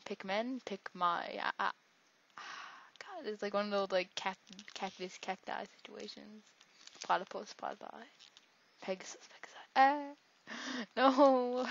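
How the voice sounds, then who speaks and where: Gameplay commentator: woman, average pitch, chatty, self-interrupting humor, muffled low-fi audio. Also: creaky, a little hiss or hum. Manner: rambling, jokey, talks to herself. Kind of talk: casual let's-play commentary. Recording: dull lo-fi recording.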